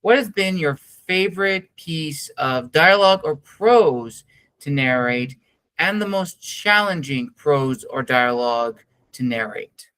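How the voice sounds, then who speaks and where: A man's voice: a little high, expressive, slow pace, a bit bright, smooth. A man hosting an interview, asking long, formal, winding questions. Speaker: podcast interviewer.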